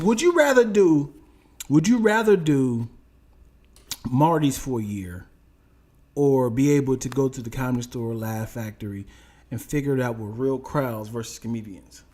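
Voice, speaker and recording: A man chatting casually on a podcast, his pitch swinging widely as he talks. He tells his stories with animation and keeps pushing back with questions. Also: animated, normal speed, darkish tone. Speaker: podcast co-host. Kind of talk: casual chat.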